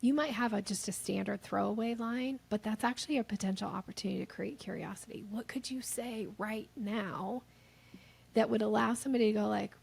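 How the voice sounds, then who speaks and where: A woman with an ordinary mid-range pitch and a noticeable gravelly texture guests on a podcast. She explains sales techniques in a chatty, animated way. She often slips into lively acted-out examples. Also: fairly quick.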